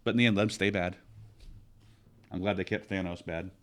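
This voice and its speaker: A man's voice: sits low, fairly quick. A man co-hosting a podcast, talking casually and with lots of opinions, often restarting his sentences. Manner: rambling, opinionated, animated with frequent restarts. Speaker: podcast co-host. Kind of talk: casual chat.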